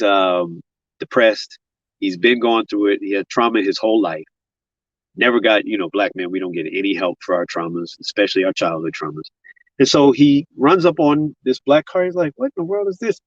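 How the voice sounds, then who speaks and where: A man's voice: lowish voice, slightly rough, no echo. A man, a guest on a podcast, telling his own story of survival in vivid detail and acting out what others said, in casual spoken grammar. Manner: vivid storyteller, acts out other people's words. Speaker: guest, gun violence survivor. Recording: dull, lo-fi sound.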